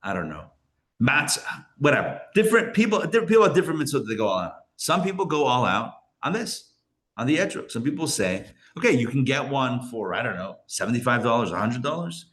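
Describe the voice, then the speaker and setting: A man's voice: big pitch swings, fast talker, a bit bright. Chatty rabbi man telling a story. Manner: chatty, acts out characters' lines with jumps in pitch. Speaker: rabbi teaching a class. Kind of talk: casual storytelling lecture. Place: live class in a community center.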